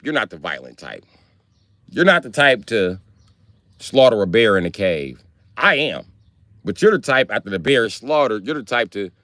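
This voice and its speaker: There's no echo around this man's voice, which sits on the low side. On a live stream he rants casually, spinning comedic tales that are profane, slangy and animated.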